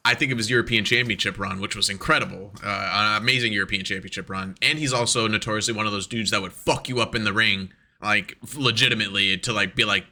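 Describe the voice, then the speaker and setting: A man co-hosting a podcast in casual chat, talking excitedly and profanely and acting out quotes as he goes. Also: fairly low pitch, fast, hardly any pauses. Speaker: podcast co-host.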